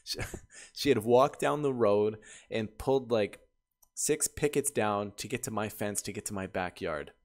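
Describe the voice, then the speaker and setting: A man reading stories aloud and breaking off to react with loud, laughing, animated commentary. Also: lowish voice, a little slow. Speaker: YouTuber reading Reddit stories.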